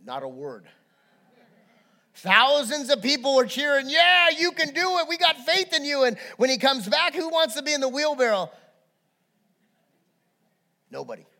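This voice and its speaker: A man preaches with a high, bright-sitting voice, building his sermon through animated storytelling. He swings from quiet asides to fired-up peaks as he tells his story. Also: big-room sound. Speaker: pastor.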